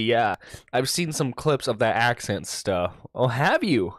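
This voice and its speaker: A man hosts a casual stream at a mid pitch, gossiping and laughing as he reads posts aloud. His voice sits dry and close to the mic. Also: sing-song, a little slow, no echo. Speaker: internet radio host.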